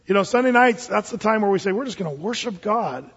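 A male pastor preaching an emphatic sermon and then leading a quiet closing prayer. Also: fast, husky. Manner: animated, emphatic preaching that drops soft and low into prayer. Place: church sanctuary. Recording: muffled recording in a reverberant church hall.

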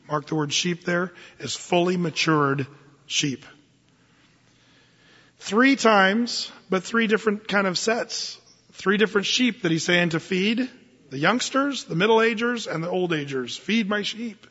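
A man preaching a sermon as pastor, animated and conversational, reading scripture slowly and deliberately. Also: high-pitched, breathy edge, in a large hall, highs cut off.

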